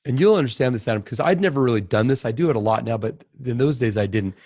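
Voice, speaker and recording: A man's voice: medium pitch, animated, quick pace, darkish tone, no echo. A man on a podcast talking as a guest, earnest and reflective, often restarting his sentences as he tells a candid personal story.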